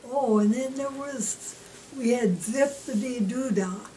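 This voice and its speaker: A woman tells old preschool stories at an unhurried pace, her voice mellow and gentle. Her sentences sometimes trail off almost to a whisper. She is recorded from a little distance with a faint hiss behind her. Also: a little high. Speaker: former preschool teacher, interviewee. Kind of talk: reminiscing interview. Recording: distant mic with faint background noise.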